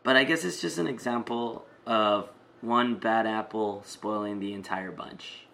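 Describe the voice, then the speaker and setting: Bright-voiced man telling a rambling story. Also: fairly low pitch, unhurried, gravelly, slight background noise. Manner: rambling, many fillers and restarts. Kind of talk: casual storytelling.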